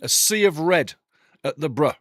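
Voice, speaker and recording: A man's voice: fairly high pitch, lively intonation, moderate pace, a bit bright, no room sound, clean studio sound. Opinionated man ranting over football. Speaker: watch-along host. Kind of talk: live football watch-along commentary.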